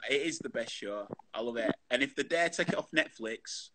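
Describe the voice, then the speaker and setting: A man's voice: mid-range voice, lively intonation, normal speed, heavy background noise. A man hosting a casual chat show over a video call, chatty and full of matey banter.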